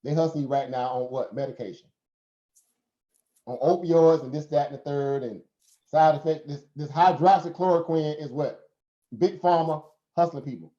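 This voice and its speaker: A man with a Southern American accent, hosting a live stream in a slightly high, warm voice. He lectures in a preachy way, throws out rhetorical questions and laughs often. The sound is roomy and a little dull. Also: normal speed. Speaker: host. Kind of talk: casual live stream talk.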